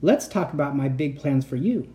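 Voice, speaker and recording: A woman voicing an unstable male inventor uncle in a storybook reading, excitable and pleading, turning soft and menacing. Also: very deep voice, moderate pace. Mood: eager. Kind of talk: storybook read-aloud.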